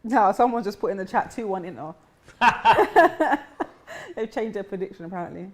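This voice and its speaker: A woman's voice: medium pitch, animated, normal speed. A woman hosting a live football watch-along, reading viewer comments aloud and teasing them. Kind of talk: live match reaction chat.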